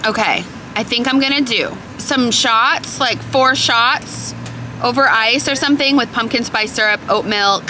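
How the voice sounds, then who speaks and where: A young woman talks to her viewers in a bubbly, gushing way. Her voice is bright and ringing. A faint hum sits behind her. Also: on the high side, unhurried. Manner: bubbly, gushing, lots of "like" and "oh my God". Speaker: vlogger. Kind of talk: casual vlog chat. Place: in a car at a drive-through.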